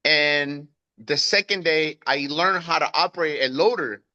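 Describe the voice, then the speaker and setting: A man's voice: a little slow, muffled recording. A man in his thirties from Guatemala, a guest telling his life story in an interview, acting out the people he quotes with a raised voice. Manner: animated, acts out quoted voices with raised pitch.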